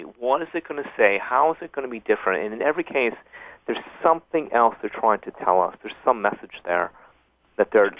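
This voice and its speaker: A man's voice: mid-range voice, no room sound. Thoughtful man on a phone line. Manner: thoughtful, halting, many restarts. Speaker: guest author. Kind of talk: radio interview.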